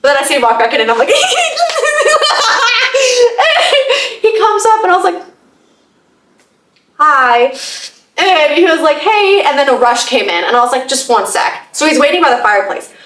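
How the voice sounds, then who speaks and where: A young woman hosting her own podcast, telling a story casually, swearing often and breaking into loud laughs. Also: high voice, big pitch swings, fairly quick, far from the mic, slight background noise. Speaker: podcast host. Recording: echoey room, off-mic.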